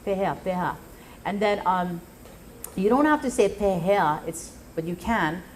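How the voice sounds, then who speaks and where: A woman's voice: mid-range voice, lively intonation, measured pace, a little hiss or hum. A woman teaching a live language lesson, often repeating and chanting phrases for learners. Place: live venue.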